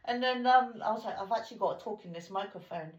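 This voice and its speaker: A woman's voice: mid-range voice, fast talker, a little mellow, dull audio. A woman in her forties, chatting animatedly as a podcast host, telling stories in a casual, talkative way. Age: 40s. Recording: roomy echo.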